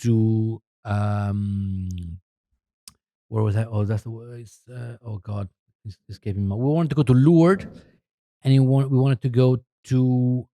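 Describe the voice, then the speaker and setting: There's no room sound as a middle-aged Italian magazine co-founder, here a podcast guest, chats casually. He rambles, hesitates, and restarts a lot, his mid-range voice steady, mellow, and unhurried.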